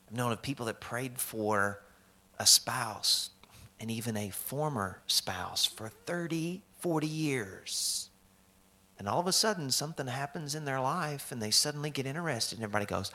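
Bright-voiced joking preacher man. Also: mid-range voice, expressive, moderate pace. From American South. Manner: conversational and joking, acts out quoted people. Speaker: pastor. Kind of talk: sermon.

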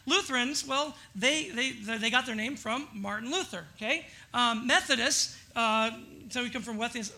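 Pastor, bright and forceful tone, easygoing sermon delivery, quizzes the congregation. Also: medium pitch. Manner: chatty, polls the congregation with questions. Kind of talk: conversational sermon. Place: church sanctuary before a congregation.

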